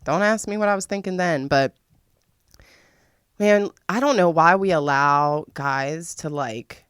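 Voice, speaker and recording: A woman's voice: low-pitched, a little slow, clear, resonant tone, dry recording, studio quality. A woman hosting a podcast, telling a story in a casual, profane way, laughing often. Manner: excitable, voice spikes when venting. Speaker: podcast host.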